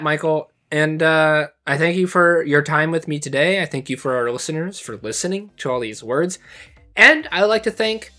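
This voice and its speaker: A man's voice: fairly high pitch, pushed and bright. A man co-hosting a casual podcast, reading out words and definitions with playful asides. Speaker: podcast co-host.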